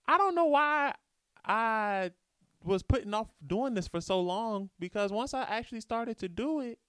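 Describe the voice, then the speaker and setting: A man's voice: animated, a little slow, a bit bright, clear, resonant tone, no room sound, clean studio sound. A man putting on his partner's voice, an exasperated adult woman, for a podcast bit. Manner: high exasperated put-on falsetto.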